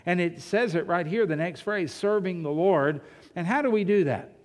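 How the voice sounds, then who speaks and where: A man's voice: high voice, normal speed. A male pastor preaching a sermon in a church, talking conversationally, asking rhetorical questions and telling humorous anecdotes. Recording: long reverb of a large hall.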